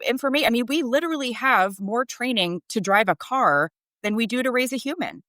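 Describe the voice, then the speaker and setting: A woman's voice: a little high, expressive, a little fast, fairly bright tone, no room sound. A woman in her thirties, a parenting coach, explaining earnestly in a conversational podcast interview, rising animatedly on key points.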